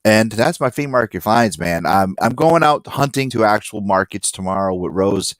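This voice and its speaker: A man co-hosting a podcast in casual chat. He tells stories with animated energy and acts out the people he quotes. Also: lowish voice, moderate pace, no room sound. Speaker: podcast co-host and comic collector.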